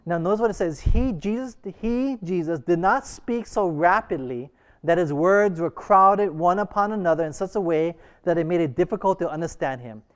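A middle-aged man from Hawaii with a light Hawaiian Pidgin accent, teaching a church class on preaching, reading quotations aloud and pausing for the class to call out answers. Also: high-pitched, clear, resonant tone. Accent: light Hawaiian Pidgin English.

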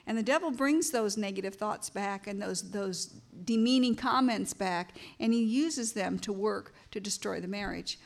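A woman's voice: medium pitch, moderate pace, gravelly, few pauses. A woman co-teaching about marriage alongside her husband, speaking in an earnest, explanatory way. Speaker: co-host, wife of the teacher. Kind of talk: casual teaching talk.

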